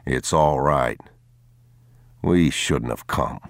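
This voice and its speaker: A man voicing a weary, tender father in a storybook reading, speaking hushed and soothing. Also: a bass voice, takes it slowly, no room sound, clean studio sound, voice pushed down, exaggerated voice.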